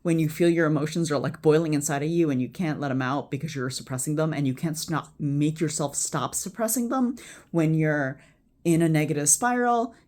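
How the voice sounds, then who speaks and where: A healthcare worker casually teaching a friend a calming technique, rambling with restarts and chant-like repeated phrases, sometimes swearing bluntly. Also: mid-range voice, brisk. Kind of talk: casual spoken instruction. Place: at home before bed.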